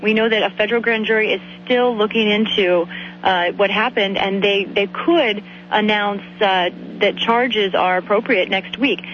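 A woman reporter explaining political news in a measured way during a radio interview. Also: medium pitch, steady tone. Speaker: congressional reporter. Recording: dull lo-fi radio audio with faint hum.

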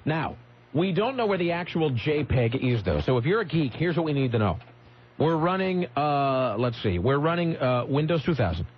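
A man's voice: on the high side, very animated, normal speed. A man hosting a radio show from the studio, telling stories in a rambling way that keeps interrupting and correcting itself. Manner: rambling, self-interrupting storyteller. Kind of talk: morning radio banter and storytelling. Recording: slightly muffled radio broadcast, faint noise.

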